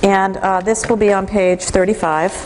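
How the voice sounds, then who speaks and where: Woman, instructor, classroom training lecture, conversational, lively, faint room noise. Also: mid-range voice, moderate pace.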